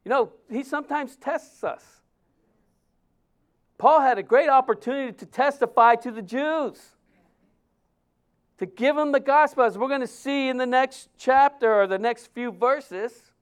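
Smooth, high-voiced male preacher. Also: unhurried, long pauses. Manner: conversational, emphatic, acts out quotes. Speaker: pastor. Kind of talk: sermon.

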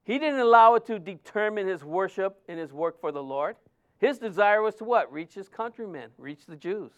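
A man's voice: high-pitched, normal speed, clean tone, highs cut off. A male pastor of Mexican heritage preaching a sermon, telling personal stories and acting out the voices of the people in them. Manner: animated, acts out quoted voices in stories.

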